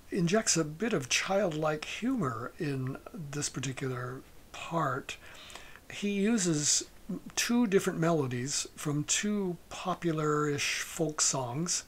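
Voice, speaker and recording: Slow, husky male music lecturer. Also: a little high. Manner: slow, halting, with many fillers and soft asides. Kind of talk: lecture on a recording.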